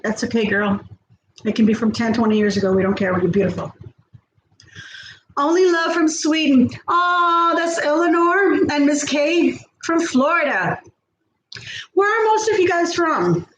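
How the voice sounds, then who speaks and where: Woman host, chatty, high-pitched, echoey room recording. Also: a little slow. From Texas. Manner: chatty, greets viewers by name, lots of fillers. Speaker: livestream host. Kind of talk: casual livestream chat reading viewer comments. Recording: echoey room with faint background noise.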